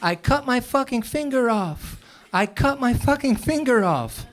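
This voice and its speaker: A man's voice: fairly even intonation, moderate pace, clean tone. A comedian putting on the voice of a frantic, screaming middle-aged father in a live club set. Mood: yelling. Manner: yelling, high-pitched and loud. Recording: live club recording with audience noise.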